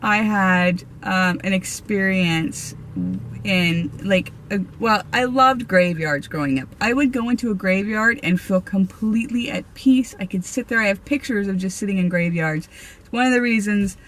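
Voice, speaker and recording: A woman's voice: medium pitch, normal speed, fairly bright tone. A woman vlogger casually telling her own ghost stories, rambling with many restarts and laughs. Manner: rambling, chatty, with frequent fillers, restarts and laughs. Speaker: vlogger and medium. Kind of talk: casual storytelling.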